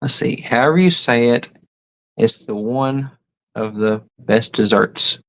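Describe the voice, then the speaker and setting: A man's voice: medium pitch, measured pace, rough recording. A middle-aged man hosting a casual live stream, reading viewer comments aloud and musing about pronunciations with frequent chuckles. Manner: rambling, chuckles often, muses on pronunciations.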